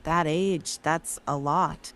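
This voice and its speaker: Slow, smooth-voiced woman interviewer. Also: low voice, dry recording. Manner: calm, brief affirmations, measured questions. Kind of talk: gentle reflective interviewing.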